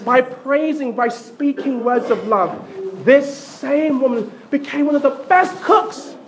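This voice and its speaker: A man's voice: very high-pitched, lively intonation, slow pace, a crowd in the background. A male pastor preaching a sermon, telling stories playfully and repeating himself often.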